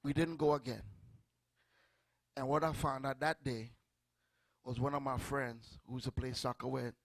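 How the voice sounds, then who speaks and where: A middle-aged man with a Trinidadian accent preaching a sermon, animated and storytelling, calling out to his congregation. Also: medium pitch, normal speed, gravelly, dry recording. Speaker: pastor.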